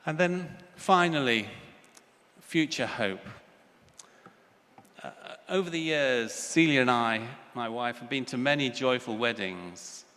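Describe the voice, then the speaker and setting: A man's voice: mid-range voice, slow pace, pushed and bright. An older man giving an earnest plenary lecture at a conference, telling stories as he speaks. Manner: earnest, storytelling with child voices. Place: large conference hall. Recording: reverberant hall, faint ambience.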